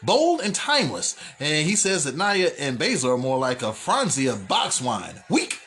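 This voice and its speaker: Man, podcast host, high-pitched, very animated, profane casual storytelling, wrestling recap. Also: normal speed. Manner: animated, profane, jumps into high-pitched voices when quoting people.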